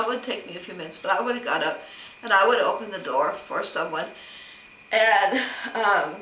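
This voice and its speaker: Bright-voiced woman venting a grievance. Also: medium pitch, far from the mic, a little hiss or hum. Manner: rambling, aggrieved retelling with many quoted exchanges. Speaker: vlogger. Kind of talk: casual personal storytelling vlog. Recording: roomy, off-mic with faint ambience.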